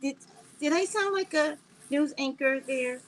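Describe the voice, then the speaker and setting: Here a high-pitched woman, speaking at a measured pace, runs a psychic livestream indoors at home. She's animated and jokey, reacting to her chat, and without a proper mic the audio comes out low quality.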